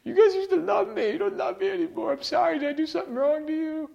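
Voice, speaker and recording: A whiny falsetto weakling. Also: male voice, steady tone, quick pace, creaky, a little mellow, dull audio, exaggerated voice. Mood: whiny mocking. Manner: whiny, pleading, mocking falsetto. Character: whining, apologetic, tearful mock deity, male. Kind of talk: sermon.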